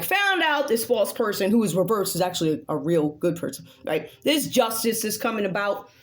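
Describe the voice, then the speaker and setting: A woman's voice: medium pitch, very animated, moderate pace, few pauses, slight background noise. Woman tarot reader with a mid-range voice, confrontational and profane, casual chatty delivery. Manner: talks straight to an unseen rival. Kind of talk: casual tarot reading rant.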